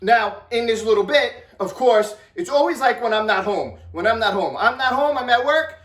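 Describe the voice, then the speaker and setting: Excitable high-voiced man telling stories. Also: normal speed. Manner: excitable, repeats himself, acts out quotes. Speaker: vlogger. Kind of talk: animated storytelling vlog. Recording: echoey room, distant from mic.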